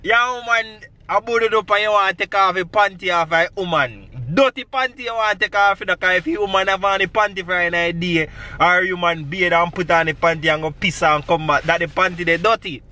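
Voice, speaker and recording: High bright man rambling. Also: brisk, few pauses. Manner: rambling, laughing, patois storytelling. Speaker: family vlogger. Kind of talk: casual storytelling vlog. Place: outdoors by a road at night.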